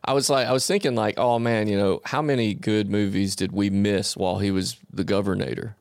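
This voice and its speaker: Gravelly, self-deprecating podcast man. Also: on the low side, steady tone, brisk, no room sound, studio quality. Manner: self-deprecating, laughs often, hesitant restarts. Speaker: podcast co-host. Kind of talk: casual comedic chat.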